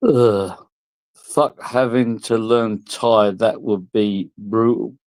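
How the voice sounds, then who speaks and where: A man's voice: fairly low pitch, steady tone, takes it slowly, darkish tone, no room sound. A drunk man, rambling crudely and giggling through a casual vlog chat. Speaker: vlogger.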